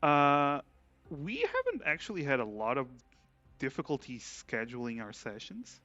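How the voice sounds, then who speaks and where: A man's voice: medium pitch, unhurried, no room sound, muffled recording, soft background music. A man hosting a livestreamed tabletop game as game master, chatting casually and rambling with frequent laughs. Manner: relaxed, rambling, laughs often. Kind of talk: casual chat before a tabletop game stream.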